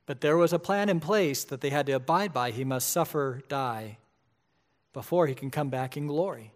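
A man's voice: medium pitch, normal speed. A man, a pastor, preaching a sermon in a conversational way that grows emphatic at key points.

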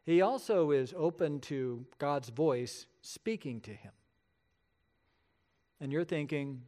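A middle-aged pastor delivers a sermon in a somewhat high male voice. He tells stories with energy and acts out the voices he quotes. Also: takes it slowly, long pauses, a little mellow.

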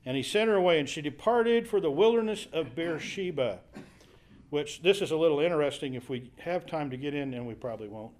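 Slightly high-voiced man teaching Bible study. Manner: thinking aloud with fillers and restarts, paraphrasing scripture.

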